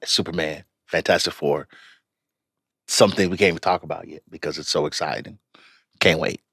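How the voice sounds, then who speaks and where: A man's voice: low voice, steady tone, moderate pace, gravelly, a bit bright, breathy edge, dry recording, studio quality. A man co-hosting a podcast who handles its social media, chatting in a laid-back, self-deprecating way. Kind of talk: casual chat.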